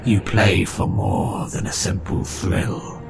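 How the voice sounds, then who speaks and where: A man voicing an old crone who chants a slow, ominous rhyming prophecy, with music behind. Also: low voice, fairly even intonation, gravelly, pitched below the performer's own voice, heavily acted. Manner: slow, doom-laden chanting in rhyme.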